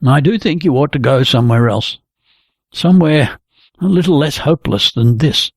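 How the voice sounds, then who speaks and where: A man's voice: on the high side, lively intonation, normal speed, no room sound, clean studio sound. A man voicing a hearty, chatty young man who speaks bluntly and cheerfully in a novel reading. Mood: coaxing.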